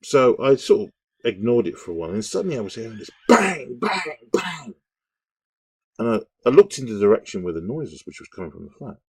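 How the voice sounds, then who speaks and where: A man with a husky voice recounts events in a casual, rambling way. His pitch swings widely as he talks. The sound is dry and close to the mic. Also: fairly quick, dry recording. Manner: animated, rambling, with restarts and sound effects. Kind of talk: casual storytelling monologue.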